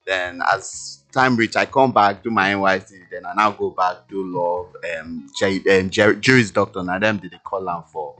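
A man's voice: low-pitched, moderate pace, few pauses, pushed and bright. A man in his thirties from Lagos with a Nigerian accent, answering interview questions on a radio show in Pidgin and English. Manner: easygoing, mixes Pidgin and English. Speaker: guest.

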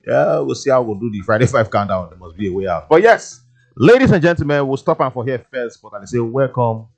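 Chatty Nigerian radio DJ man, low voice. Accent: Nigerian Pidgin English. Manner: chatty, rambling, playful, with many fillers. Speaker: radio DJ host. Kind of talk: casual radio chat. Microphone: studio mic.

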